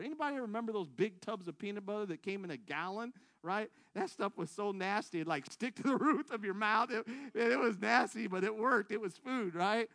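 High, bright-voiced preacher man, self-mocking. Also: a little fast, gravelly, few pauses, no room sound. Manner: animated, self-mocking, laughing through the story; big swings between loud excited bursts and quiet low asides. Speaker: preacher giving a testimony. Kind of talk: storytelling sermon to a congregation.

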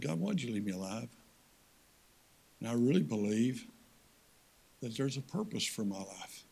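An older man preaching a folksy sermon as guest speaker, swinging from loud, high-pitched exhortation to hushed, low appeals. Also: vocal fry, breathy edge.

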